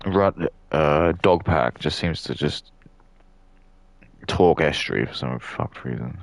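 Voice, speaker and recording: A man's voice: rumbling low, lively intonation, slow pace, gravelly, no room sound. A young man with a southern English accent, rambling in a casual monologue full of fillers and restarts. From southern England. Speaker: streamer.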